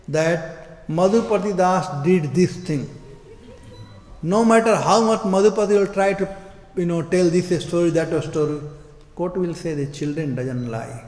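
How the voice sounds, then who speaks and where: A man acting out a devotional tale with lively storytelling. His voice sits fairly high, and a long echo fills the temple hall around him. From India. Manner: animated storytelling, acting out quotes, simple phrasing.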